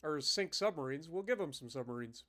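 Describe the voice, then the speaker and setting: A casual young man thinks aloud as he plays a naval strategy game for a live stream. His throat is slightly rough, so he keeps clearing it between lines. His voice sits a little above the usual pitch for a man, and he lets the odd curse slip in. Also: lively intonation, brisk, pushed and bright.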